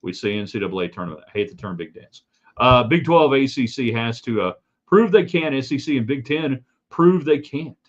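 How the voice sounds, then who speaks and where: A man's voice: medium pitch, animated, fairly quick, highs cut off. A man hosting a live sports talk stream, opinionated and rambling with side remarks. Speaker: sports talk show host.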